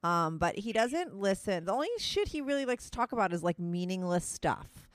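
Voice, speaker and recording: Very animated at a medium pitch and normal speed, this woman in her thirties hosts a podcast with a New Jersey or New York accent. She chats bluntly over a phone call, teasing her friend with lots of fillers. There's no echo.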